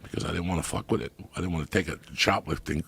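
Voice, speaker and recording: A middle-aged man telling profane comic stories in a loud, animated way. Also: low voice, rapid-fire, vocal fry, breathy edge. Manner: loud animated storytelling with heavy swearing. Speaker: podcast guest storyteller. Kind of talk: profane comedic storytelling.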